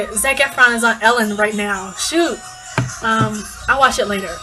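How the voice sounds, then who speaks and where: Brief: young female vlogger, slightly high voice, bubbly and gushing, casual storytelling. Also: a little slow, music in the background, rough recording. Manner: bubbly, gushing, lots of likes and restarts. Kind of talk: casual fan vlog storytelling.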